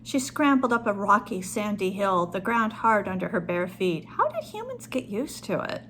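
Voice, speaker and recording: A woman author reading her own short story aloud in a calm storytelling manner. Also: medium pitch, moderate pace, slight background noise.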